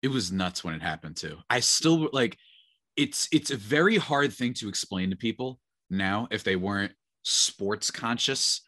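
Expressive and a little slow, this co-host's low voice comes across bright and forceful. He rambles casually on a podcast, peppering his talk with filler words. The studio recording has no echo.

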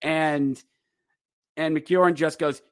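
A man hosting a podcast, rambling casually with fillers through a game recap and slipping into excited play-by-play. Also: medium pitch, unhurried, no echo, clean studio sound. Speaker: podcast host.

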